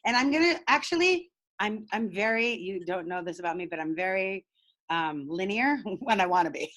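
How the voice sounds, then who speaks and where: A woman leading a group coaching call over video, bubbly and excitable, laughing often. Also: mid-range voice, moderate pace, rough recording. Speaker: speaking coach.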